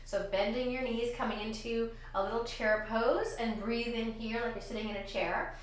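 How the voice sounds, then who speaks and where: A woman teaching a children's yoga class, giving gentle, encouraging cues in time with slow breaths. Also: on the high side, slight background noise. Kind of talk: guided kids yoga lesson. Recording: echoey room, distant from mic.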